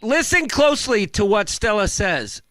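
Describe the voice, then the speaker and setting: A man's voice: high voice, big pitch swings, normal speed, a bit bright, no echo. A man co-hosting a live show, chatting casually and ranting with mock outrage. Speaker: co-host.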